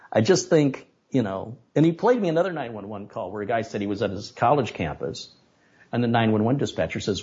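A man being interviewed on a podcast, telling stories and making animated, opinionated points. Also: medium pitch, fast talker, muffled recording. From United States. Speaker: guest, tech video maker.

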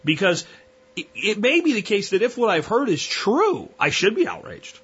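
A man's voice: sits high, sing-song, normal speed, a bit bright, slightly rough, lo-fi sound. A man hosting a solo podcast, talking bluntly and at length through long, rambling analogies. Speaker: podcast host.

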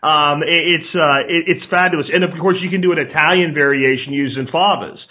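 A man's voice: a little high, a little fast, sharp tone. A man chatting casually and eagerly, stumbling into restarts. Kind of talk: casual chat. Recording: dull lo-fi sound.

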